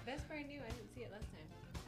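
A woman's voice: fairly high pitch, brisk, slightly rough, soft background music. A woman co-hosting a radio show, chatting and teasing in casual banter. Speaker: radio co-host.

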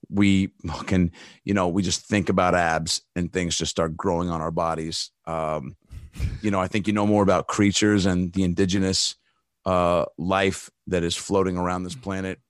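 A man's voice: low voice, flat delivery, moderate pace, no room sound, studio quality. A man guesting as a comedian on a podcast, riffing loosely in casual chat with plenty of profanity and fillers.

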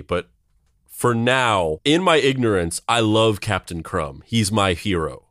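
A man's voice: lowish voice, big pitch swings, moderate pace, fairly bright tone, no echo, clean studio sound. A man co-hosting a podcast with profane, wisecracking banter. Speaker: podcast co-host.

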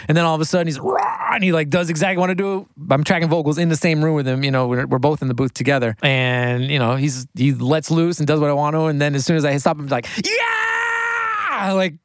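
A man working as a record producer and engineer, chatting casually in an interview, excitable and quick, laughing often and saying "like" a lot. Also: a little high, dry recording.

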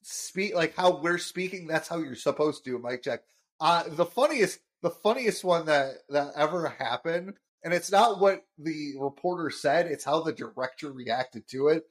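A man's voice: fairly high pitch, normal speed. A man co-hosting a podcast, recapping an episode in casual chat and explaining things with plenty of fillers. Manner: relaxed, explanatory, lots of fillers. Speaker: podcast co-host.

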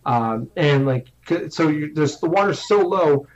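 A man's voice: a little high, expressive, measured pace. A young man telling a long, rambling story in casual chat, swearing often, mocking himself and restarting his sentences. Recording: slightly dull lo-fi audio.

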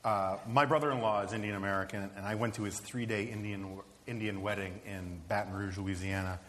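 A man's voice: fairly low pitch, fairly even intonation, a little fast, fairly bright tone. Guy rambling thru a funny story live, echoey hall, lil background hiss. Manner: rambling, self-amused anecdotes. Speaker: podcast panelist. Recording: live room with long reverb, faint noise.

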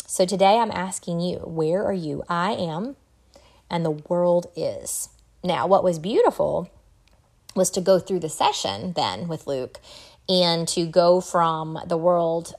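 A middle-aged woman hosting a solo podcast, talking in an earnest, reflective way with an occasional soft laugh. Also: lowish voice, animated, moderate pace. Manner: earnest, reflective, laughs softly now and then. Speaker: podcast host. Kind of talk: solo podcast talk on wellbeing.

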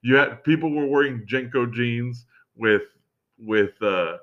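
A man from Miami co-hosting a podcast, relaxed, swearing freely as he reminisces. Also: medium pitch, takes it slowly. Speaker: podcast co-host. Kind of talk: casual chat. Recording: dull lo-fi recording.

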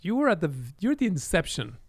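A man's voice: high-pitched, big pitch swings, a little fast, husky, no room sound. Male podcast host, friendly interviewer, dry close sound. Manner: friendly, asks questions. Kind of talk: casual interview.

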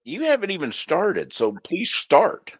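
A man's voice: sits high, wildly swooping pitch, a little slow, husky, no echo. A man co-hosting a casual sports podcast from home on a headset, blunt and swearing as he rants. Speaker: podcast co-host. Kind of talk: casual chat.

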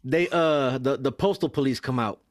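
A young mail carrier swears his way through an animated tale about his job on a podcast. His medium-pitched voice switches into quick impressions whenever he quotes other people, all in an easygoing storytelling style.

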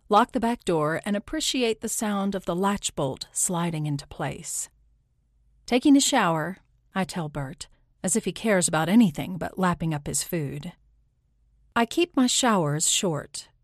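Woman narrating an audiobook in a low voice. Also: dry recording, clean studio sound. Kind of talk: first-person audiobook narration.

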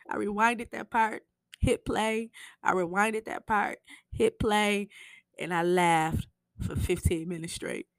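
A woman's voice: lowish voice, gravelly, no echo, studio quality. A young woman hosting a TV recap podcast, telling the episode in a blunt, profane, chatty way. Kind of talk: casual spoken show recap.

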